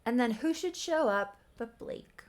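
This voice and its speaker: A woman's voice: fairly high pitch, expressive, unhurried. A woman in her thirties, chatty and laughing at herself while recapping her old soap opera story. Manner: chatty, laughing, self-mocking. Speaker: YouTuber. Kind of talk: casual recap commentary.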